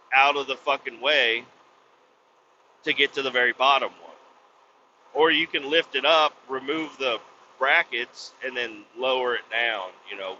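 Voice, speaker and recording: A man hosting a podcast, ranting bluntly with lots of swearing and sudden loud outbursts. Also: medium pitch, slight background noise. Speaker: podcast host. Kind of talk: profane comic rant. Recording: slightly dull lo-fi recording.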